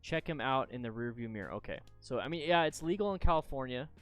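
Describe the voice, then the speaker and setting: Smooth-voiced man hosting a live stream. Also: medium pitch, fast talker, soft background music. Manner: chatty, bursts into loud excited shouts. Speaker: livestream host reviewing motorcycle crash videos. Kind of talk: casual live-stream commentary.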